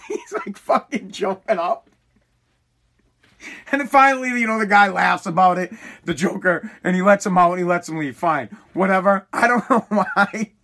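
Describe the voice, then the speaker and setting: High-voiced man in profane casual chat. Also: normal speed, sharp tone. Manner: profane, laughs often while retelling; rambling with many restarts.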